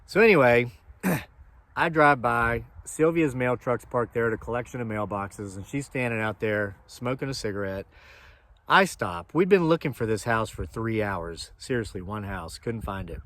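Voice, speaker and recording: A man from Appalachia spins a meandering tale straight to the camera, drifting into side remarks and talking back to his viewers. His voice sits at an ordinary middle pitch. The sound is dry and close, with no room echo. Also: lively intonation, moderate pace, a bit bright. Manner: rambling, digressive, chatty asides to viewers. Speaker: homesteading channel host. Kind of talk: casual storytelling to camera.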